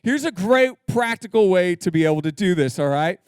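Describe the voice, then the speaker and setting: A male pastor delivers an energetic, joking sermon and pushes his congregation to answer back. His voice sits a bit high and comes through smooth and resonant. The sound is dry and close. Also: a little fast, no room sound. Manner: energetic, humorous, calls for audience response. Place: church sanctuary.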